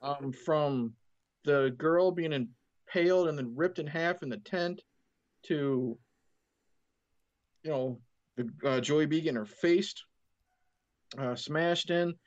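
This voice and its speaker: A man with a somewhat high voice, talking eagerly and at length in a casual chat. His recording sounds dull and lo-fi, and he recounts details with enthusiasm. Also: slow pace, pauses often. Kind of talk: casual film discussion.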